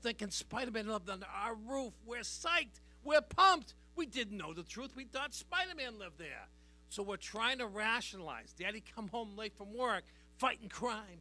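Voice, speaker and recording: Middle-aged guy doing standup, real high bright voice, brash and punchy with the crowd. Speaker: stand-up comedian. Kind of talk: stand-up comedy routine. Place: live stage before an audience.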